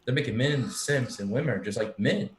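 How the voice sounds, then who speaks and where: A man's voice: medium pitch, fast. A man chatting casually on a live stream, rambling and swearing, with many restarts. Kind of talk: casual chat. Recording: echoey room with faint ambient noise.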